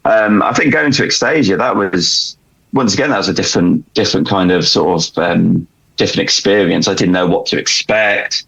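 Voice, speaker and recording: Man, very low pitch, gravelly, husky, rambling podcast guest. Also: normal speed, fairly bright tone, low-quality recording. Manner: rambling, many restarts and fillers; chuckles while recounting. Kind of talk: candid storytelling chat.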